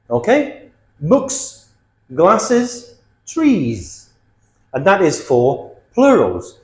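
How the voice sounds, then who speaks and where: A man's voice: fairly high pitch, darkish tone. A man teaching an English grammar lesson, explaining word endings with emphatic examples and checking in with frequent "okay?" questions. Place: based in Thailand. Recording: roomy echo, faint music.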